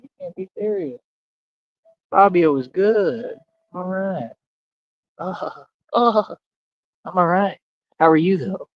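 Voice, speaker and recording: A man's voice: high voice, no echo, lo-fi sound. A man in a casual livestream rant, using street slang, repeating himself and talking straight to his viewers. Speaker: livestream host.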